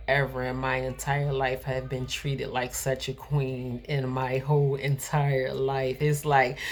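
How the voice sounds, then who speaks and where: A woman in her forties from the United States, talking earnestly and emphatically to her viewers, her voice climbing when she gets fired up. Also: rumbling low. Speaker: vlogger. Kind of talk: casual encouraging talk to camera.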